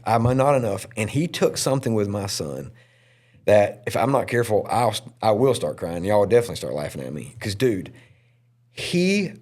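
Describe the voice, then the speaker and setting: A man who is a pastor and podcast host, telling a personal story in an earnest, emotional way. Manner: earnest and emotional, with lively pitch swings.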